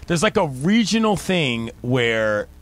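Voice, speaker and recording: A man's voice: on the high side, sing-song, slow pace, a bit bright, faint music behind. A man co-hosting a sports radio show, bantering playfully in casual chat. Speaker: radio co-host.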